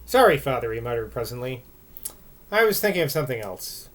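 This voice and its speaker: A man's voice: medium pitch, very animated, brisk. A man reading a classic novel aloud for his online channel, swinging between dramatic recitation and wry, joking asides. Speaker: audiobook reader.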